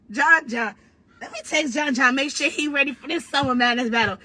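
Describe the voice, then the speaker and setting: A woman battle rapper in a brash, profane, trash-talking rant, talking casually and quickly. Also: high voice, sharp tone, no room sound. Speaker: battle rapper giving commentary.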